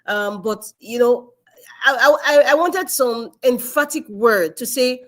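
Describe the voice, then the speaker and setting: A woman's voice: on the high side, slow pace. Impassioned Nigerian woman hosting a live stream. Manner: earnest and emphatic, builds to passionate appeals. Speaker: live-stream show host.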